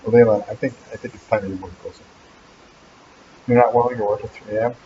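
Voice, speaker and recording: Male host, lowish dark voice, teasing rambling live chat, muffled webcam audio. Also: fairly even intonation, fast, slight background noise. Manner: teasing, rambling, joking about a helper. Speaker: channel host. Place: animal hospital waiting area.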